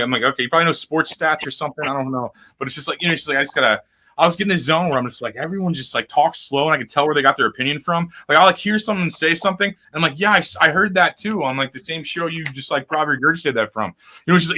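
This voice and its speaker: A man's voice: on the high side, very fast, pushed and bright. A man hosting a casual podcast chat, rambling and profane as he riffs on stories. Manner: rambling, profane, restless riffing. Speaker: podcast host.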